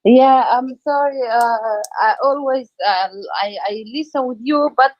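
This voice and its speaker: A woman's voice: high voice, a little slow, no echo, lo-fi sound. A woman from Djibouti, a student speaking hesitant learner's English in a chat with her teacher.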